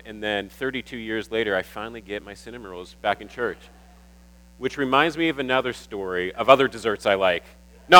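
A man preaching a sermon to his church, warm and emotional, often stumbling and repeating words. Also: mid-range voice, poor audio. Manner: warm, emotional, getting teary at times. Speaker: pastor.

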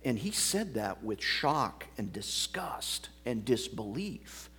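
Male pastor, husky voice, unhurried expository sermon, walks through the text point by point. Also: medium pitch, sing-song, sharp tone. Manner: measured teaching, explaining a passage line by line.

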